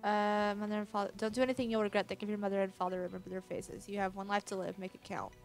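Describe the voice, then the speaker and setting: A woman's voice: mid-range voice, little pitch movement, quick pace, creaky, soft background music. A woman casually commenting on a horror game she is playing, reading its text aloud and swearing now and then. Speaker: let's play gamer.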